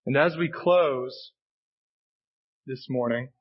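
A man's voice: mid-range voice, takes it slowly, dull audio. A male pastor preaching a sermon, earnest and emphatic, repeating key phrases for weight. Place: church sanctuary.

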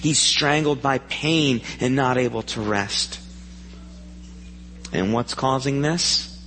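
A man's voice: medium pitch, slow pace, sharp tone, a little hiss or hum. Earnest man preaching in a church hall. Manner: earnest, asks the congregation questions. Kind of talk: sermon. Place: church sanctuary.

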